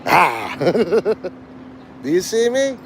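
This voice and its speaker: A man with a high, sing-song voice speaks very slowly while livestreaming to his chat, with background noise audible. He rambles crudely from one joke to the next and breaks into laughter.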